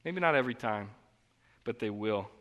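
A man preaching a sermon in an earnest, conversational way, moving between quiet reflection and emphatic outbursts, in a church. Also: lowish voice, expressive, moderate pace, in a large hall. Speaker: pastor. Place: church sanctuary.

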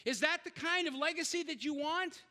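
A middle-aged man preaching a sermon in a church, animated, shouting repeated exhortations to the congregation and tossing in joking asides. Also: extremely high pitch, a little fast. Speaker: guest preacher. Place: large church sanctuary. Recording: long reverb in a large hall.

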